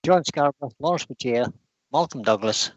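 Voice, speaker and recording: A man hosts a relaxed livestream, his voice sitting right in the middle of the male range. He rattles through long lists of viewer names in a casual, easy-going way and laughs readily between them. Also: medium pitch, normal speed, dry recording. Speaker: livestream host.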